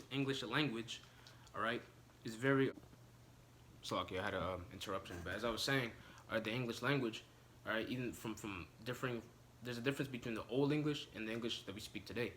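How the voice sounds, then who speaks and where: A man gives an informal scripture lesson, stopping and restarting often and filling gaps with "all right" and "uh." His voice is bright and forward, with a faint hiss of noise behind it. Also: medium pitch. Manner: halting, many fillers and restarts, frequent "all right"; slows down to read verses aloud. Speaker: preacher.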